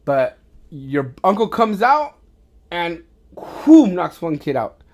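Rambling, profane dad telling stories. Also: male voice, on the high side, slow. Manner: rambling, with many restarts and swearing; gets loud and animated in fight stories. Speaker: podcast host talking with his son. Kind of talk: casual storytelling chat.

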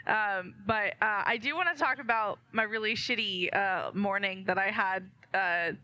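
A woman's voice: mid-range voice, moderate pace, bright, forceful tone, no echo, dull audio. A woman co-hosting a comedy podcast, telling a story casually with many hesitations and laughs. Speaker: podcast co-host. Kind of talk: casual chat.

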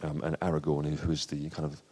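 A male preacher giving a sermon in a chatty, unscripted manner. His voice sits very low. The long reverb of a church hall follows every phrase. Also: completely flat delivery, fast talker, dark tone, breathy edge. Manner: conversational, with frequent fillers and restarts.

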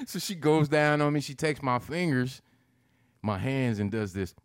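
A man telling a long funny story in casual chat, animated and profane, jumping into high-pitched quoted reactions. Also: normal speed, clean tone, no room sound, studio quality.

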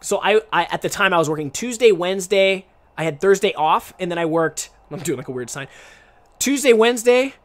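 A man's voice: high-pitched, lively intonation, brisk. A young man streamer and English teacher talking casually to camera, rambling and restarting his sentences with lots of fillers. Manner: rambling, self-interrupting, many fillers.

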